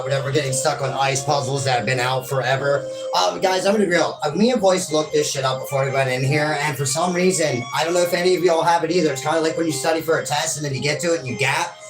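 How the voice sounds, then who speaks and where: Dude hosting a game stream, keeps saying sorry guys, kinda high voice, game music going. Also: male voice, quick pace. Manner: apologetic, rambling, addresses viewers as guys; casual swearing. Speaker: gaming host. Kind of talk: let's-play commentary.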